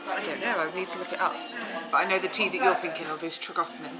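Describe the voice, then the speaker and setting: A woman's voice: on the low side, steady tone, fast, music in the background. A woman chatting casually over afternoon tea in a hotel dining room, making brief, matter-of-fact remarks. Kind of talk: casual chat over a meal.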